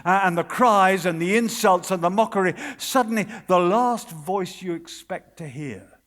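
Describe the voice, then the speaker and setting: A British man preaches a sermon with earnest, dramatic delivery, sinking into hushed pauses. His voice sits high for a man. The sound carries a long reverb from a large conference hall. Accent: British English.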